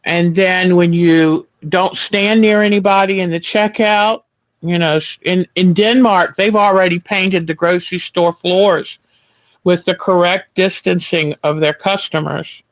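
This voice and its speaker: A man hosting a quilting livestream, chatting gently and reassuringly while he sews at home. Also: high-pitched, steady tone, measured pace, no echo, rough recording. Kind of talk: casual chat while sewing.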